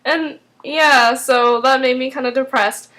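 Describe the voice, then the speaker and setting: A woman's voice: sits high, fairly even intonation, a little slow, bright, forceful tone. A woman casually recapping a TV episode, rambling with lots of fillers. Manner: rambling, full of "like" and "um". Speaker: TV recap vlogger.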